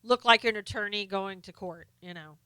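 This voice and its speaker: A woman hosting a casual live stream, reading viewer comments aloud in a chatty, halting way full of fillers and restarts; she is losing her voice. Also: mid-range voice, pushed and bright, smooth, no room sound.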